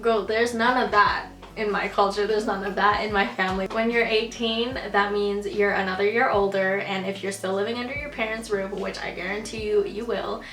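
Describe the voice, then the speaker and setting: A young woman in her twenties rants to camera in a sassy, emphatic vlog voice, swearing casually as she makes her points. Her pitch sits in an ordinary middle range, and the sound carries a roomy echo. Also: fairly even intonation, normal speed, few pauses, fairly bright tone. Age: 20s. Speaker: vlogger.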